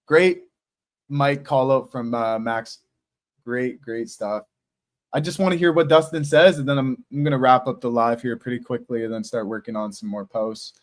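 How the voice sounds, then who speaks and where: A man hosting a live stream, reacting to fights in casual commentary, excited and emotional, repeating himself. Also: mid-range voice, normal speed. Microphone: streaming setup mic.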